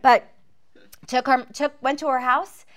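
A woman's voice: high-pitched, little pitch movement, measured pace. Earnest woman telling a faith story. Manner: earnest, drops to a hushed voice at tense moments. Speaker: missionary telling her testimony. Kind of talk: dramatic personal storytelling.

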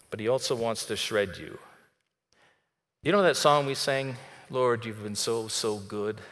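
A man preaching a sermon in a conversational way, dropping soft and then rising to emphatic. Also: medium pitch, big-room sound. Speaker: pastor.

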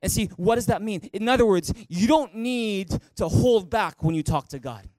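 A man's voice: sits high, lively intonation, moderate pace, a little mellow, dry recording. A man preaching a sermon as pastor, calling the congregation to read aloud and respond. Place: church in Canada.

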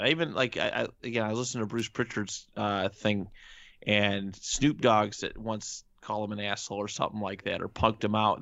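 Gravelly low-voiced man, dull lo-fi sound. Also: fairly bright tone, no echo. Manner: emphatic, rhetorical questions. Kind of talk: casual chat. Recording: dull lo-fi recording.

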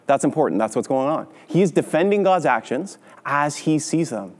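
A man delivers a sermon in a church sanctuary, the big-room sound carrying his slightly high, expressive voice at a moderate pace. He keeps it conversational, tagging lines with "right?" again and again.

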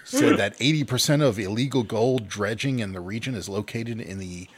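Low husky-voiced man reading news. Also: moderate pace. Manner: reads news quotes aloud, laughs at own slips. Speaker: podcast co-host reading news stories. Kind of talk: casual chat.

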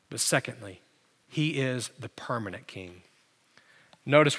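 Male pastor, sermon delivery, swings between rising emphasis and quiet lows; sharp, high voice, long hall reverb. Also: lively intonation, a little slow, pauses often, slightly rough. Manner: preaching with big swings in pitch and loudness.

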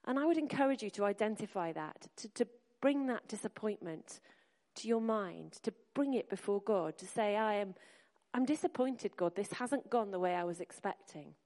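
Speaking at normal speed with lively intonation, a woman preaches a sermon in a church hall, her mid-range voice a little mellow. She encourages the congregation earnestly, talking right to them, and the hall's long reverb lingers around her words.

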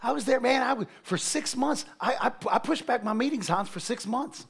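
Male preacher, middle-aged, high gravelly voice, comic storytelling sermon, full of laughs. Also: moderate pace. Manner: animated, laughing, acts out quotes.

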